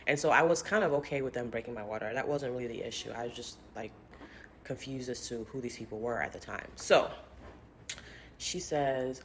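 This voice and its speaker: A young woman vlogger telling a personal story in a casual, chatty way, often quoting others in lively put-on voices. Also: rumbling low, a little fast, a little hiss or hum.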